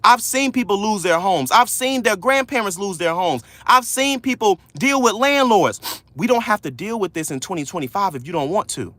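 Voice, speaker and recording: A man coaching viewers on a livestream, loud, slangy and preachy, repeating key lines. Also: sits high, expressive, normal speed, dry recording. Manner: casual slangy speech. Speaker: credit coach hosting a livestream. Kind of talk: motivational livestream talk.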